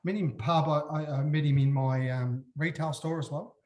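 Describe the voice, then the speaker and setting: Over a noisy crowd, a middle-aged Australian man who used to play football shares stories at normal speed as a guest in casual conversation. He acts out quotes animatedly, his voice jumping sharply in pitch.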